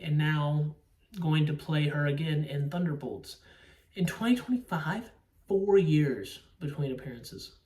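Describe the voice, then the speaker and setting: A man giving a casual, rambling movie review, swearing often and stressing his opinions. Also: fairly high pitch. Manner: profane, rambling, emphatic. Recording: echoey room, distant from mic.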